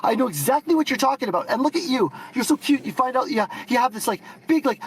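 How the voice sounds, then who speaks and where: A man's voice: extremely high pitch, animated, fast, hardly any pauses, a little hiss or hum, low-quality recording. A man in a heated online debate, combative and profane, rambling through restarts and repeated words as he defends his side. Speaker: debate guest. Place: Canada.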